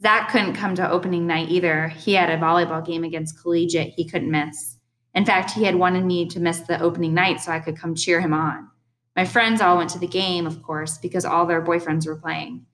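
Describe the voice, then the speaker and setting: A young adult woman reading a first-person audiobook in a steady, earnest storytelling manner. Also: lowish voice, moderate pace, low-quality recording. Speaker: audiobook narrator.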